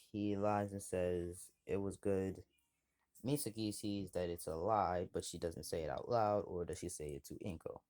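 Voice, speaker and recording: A man's voice: sits low, a little mellow. A man casually retelling a fan story, rambling with fillers and repeating himself.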